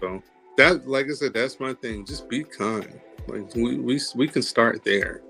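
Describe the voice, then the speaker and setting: A man's voice: mid-range voice, unhurried, vocal fry, sharp tone, soft background music. A man appearing as a podcast guest, an actor and singer who talks in a casual, laid-back and earnest way. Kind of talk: casual chat.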